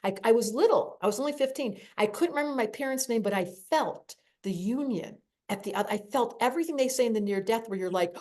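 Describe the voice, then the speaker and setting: A woman hosting a podcast interview, telling personal stories in an animated, emotional way. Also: on the high side. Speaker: podcast host. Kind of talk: conversational interview.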